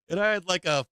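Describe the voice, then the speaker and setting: A man's voice: sits high, bright, forceful tone, smooth, dry recording. An older man from Boston with a Boston accent, hosting a livestream and telling a rambling story in casual chat, laughing often and swearing freely. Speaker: livestream host.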